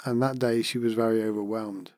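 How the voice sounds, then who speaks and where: A man's voice: lowish voice, fairly even intonation, fairly quick, darkish tone, no room sound, studio quality. A middle-aged man hosts a reflective podcast monologue, talking in an earnest, heartfelt, musing way. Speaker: podcast host.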